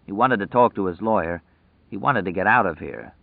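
A man narrating an audiobook in a measured, dramatic storytelling manner. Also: deep voice, creaky, no echo. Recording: dry tinny phone-like sound.

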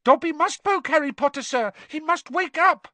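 A reader voicing an earnest male house elf in a squeaky, very high voice, eager, talking about himself in the third person and calling his listener sir. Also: moderate pace, bright, forceful tone, no room sound. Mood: urgent. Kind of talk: audiobook character voice.

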